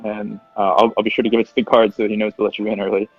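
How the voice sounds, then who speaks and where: A man's voice: fairly low pitch, little pitch movement, very fast, dull audio, faint music behind. A man doing a gushing, pompous art patron. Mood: gracious. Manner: stammering, flowery, gushing about art. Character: pompous refined male art patron, effusive.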